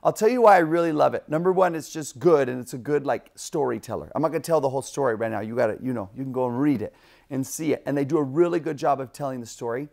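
Gravelly man teaching with enthusiasm. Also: mid-range voice, fast, darkish tone. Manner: casual and enthusiastic, acting out stories, laughing often. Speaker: religion teacher. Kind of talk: animated lesson storytelling.

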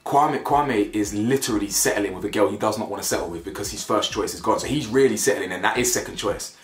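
Speaking fast in a lowish voice, this man reviews a reality show with casual, opinionated commentary that's blunt, slangy and repetitive for emphasis. The room echoes and faint music plays in the background.

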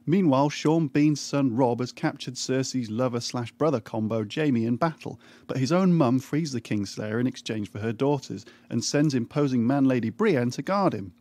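Narrating a scripted comic recap, a man keeps his tone dry and deadpan, weaving in irreverent remarks without breaking stride. His pitch is a typical male middle range.

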